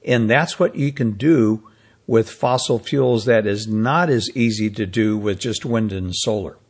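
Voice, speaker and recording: A man interviewing a guest and summarizing the guest's points in a measured way. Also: fairly low pitch. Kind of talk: interview question.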